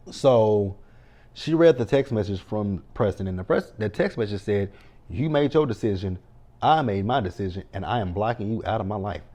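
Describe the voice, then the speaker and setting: Low, mellow-voiced man recapping a TV episode. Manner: blunt, profane running commentary; talks back to the characters. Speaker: TV show recapper.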